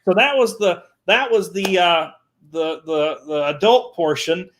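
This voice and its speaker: A man telling animated stories as a guest on a talk show, repeating words and acting out the people he quotes. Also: sits high, a little slow. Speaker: guest, children's entertainer. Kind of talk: animated storytelling.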